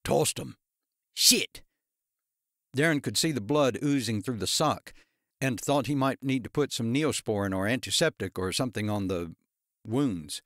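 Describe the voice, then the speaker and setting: A male audiobook narrator telling a thriller with steady, even storytelling. His middle-pitched voice is recorded dry and close. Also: moderate pace, no room sound. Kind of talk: scripted narration.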